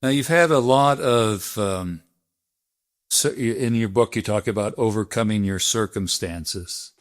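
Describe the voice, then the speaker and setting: A man's voice: lowish voice, unhurried. A male host asking long, meandering questions with fillers in an interview.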